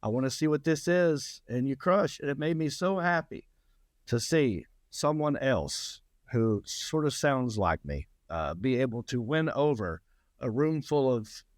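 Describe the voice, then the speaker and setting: A man's voice: medium pitch, lively intonation, a little slow, dry recording, studio quality. A man with a Southern US accent, a guest comedian telling stories in casual chat, often stumbling and repeating words. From North Carolina.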